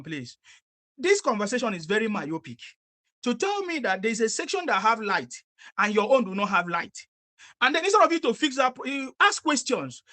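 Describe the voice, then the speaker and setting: A woman, interviewing people in the street and lecturing them forcefully with a lot of repetition. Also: on the high side.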